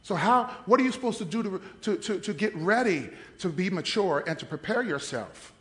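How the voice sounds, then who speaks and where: A man preaching a sermon as pastor, dramatic, swinging from hushed asides to shouts. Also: high-pitched, expressive, fairly quick, in a large hall.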